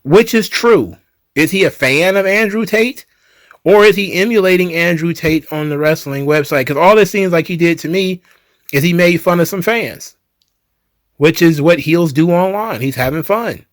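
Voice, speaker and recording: A man's voice: on the high side, normal speed, dry recording. A man hosting a wrestling commentary show, ranting in a heated, sarcastic way with swearing. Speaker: wrestling commentary channel host.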